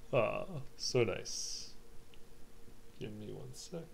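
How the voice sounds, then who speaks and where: A chatty man talking casually over his game stream, with a lowish voice and a faint hiss in the background. He sounds relaxed and easygoing. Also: slow pace, vocal fry, long pauses. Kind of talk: casual gaming commentary.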